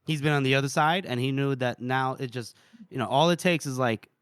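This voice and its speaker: A man co-hosting a podcast, casually retelling a book chapter with animated delivery, laughing and swearing. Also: mid-range voice, a little fast, clean tone, dry recording, clean studio sound. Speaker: podcast co-host.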